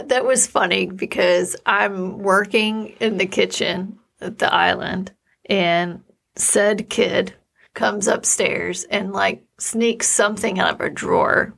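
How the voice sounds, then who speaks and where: A woman co-hosts a relaxed chat show and tells stories at a leisurely pace. Her voice has a gravelly fry running through it, and she sounds amused by what she is telling. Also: medium pitch. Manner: unhurried storytelling, amused. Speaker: podcast co-host, parent. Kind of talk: casual chat.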